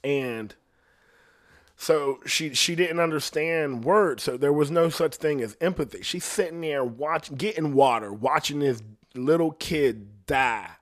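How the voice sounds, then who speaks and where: A man telling a story in a casual, animated monologue, swearing freely and putting on voices for the people he quotes. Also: a little high, measured pace. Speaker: singer recounting a story.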